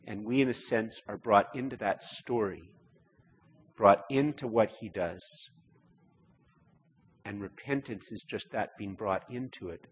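A man preaches a sermon in a church, his slightly low voice a touch husky. He talks conversationally, repeating words, then builds into emphatic stretches. The sound carries a long hall reverb. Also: measured pace, long pauses.

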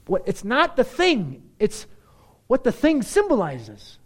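Male pastor, sermon delivery, high-pitched and very lively. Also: slow. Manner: animated preaching, rising to excited emphasis.

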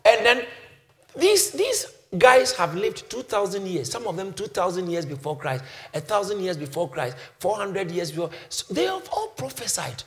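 A male pastor preaching with a high, highly animated voice that leaps from soft, low explanation to loud shouted calls. He teaches scripture in a sermon style, drawing shouted replies from the congregation. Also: moderate pace. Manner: congregation shouts back responses.

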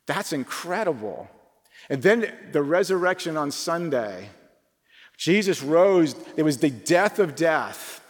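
A man preaching a conversational sermon, informal and full of rhetorical questions, shifting between quick asides and slow emphatic phrases. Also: a little high, animated. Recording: long reverb from a large hall.

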